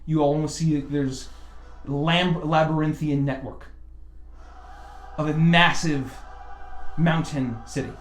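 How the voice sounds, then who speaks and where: A man narrating a tabletop game as game master, slow and hesitant with many fillers. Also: a little high, fairly even intonation. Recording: roomy sound with faint music.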